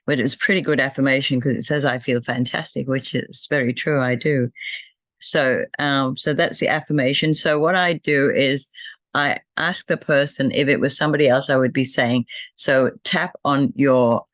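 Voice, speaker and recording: An older woman, an energy healer, gently talking through a self-healing demonstration and softly repeating affirmations and thank-yous. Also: rumbling low, fairly even intonation, normal speed, dry recording.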